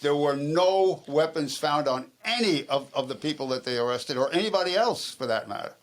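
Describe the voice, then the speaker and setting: On a local TV talk show set, a male guest with a rather high, animated voice talks at a moderate pace. Casual storytelling is his mode until he argues, at which point he becomes insistent and heated.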